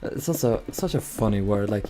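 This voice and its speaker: A man's voice: fairly low pitch, normal speed. A man with a Swedish accent, chatting casually and joking with his live-stream chat while he builds. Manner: relaxed, joking replies to chat. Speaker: Minecraft streamer. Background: music.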